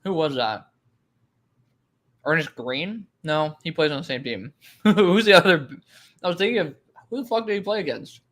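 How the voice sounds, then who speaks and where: A young man co-hosting a casual chat, excitable, laughing often and swearing casually. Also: fairly high pitch, moderate pace, long pauses. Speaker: co-host.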